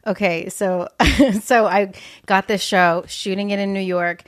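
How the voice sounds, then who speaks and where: A woman in her forties telling a story as a podcast guest, animated and often laughing. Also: mid-range voice, measured pace, no room sound, studio quality. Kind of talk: casual chat, storytelling.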